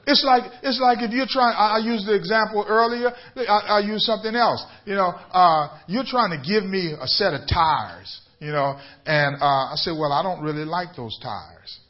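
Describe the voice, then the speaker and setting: A man's voice: sits high, moderate pace, hardly any pauses, highs cut off. A man, a bishop preaching a radio sermon, building up to emphatic repeated questions to his listeners. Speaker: bishop and pastor.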